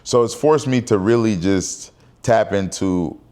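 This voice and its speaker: This vlogger, a man in his thirties, has a fairly low, slightly mellow voice and an unhurried delivery. He talks candidly to camera in a rambling, conversational personal vlog.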